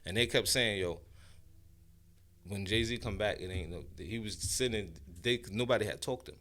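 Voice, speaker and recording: A man in his forties from Brooklyn with a New York accent, a podcast guest telling stories in an animated, slangy way with frequent restarts. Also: lowish voice, normal speed. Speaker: guest, rapper and producer. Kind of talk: casual storytelling interview.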